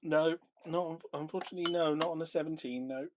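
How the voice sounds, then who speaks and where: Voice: mid-range voice, fairly even intonation, fairly quick, darkish tone, lo-fi sound, slight background noise. Game master narrating a live tabletop game. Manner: descriptive, dramatic narration.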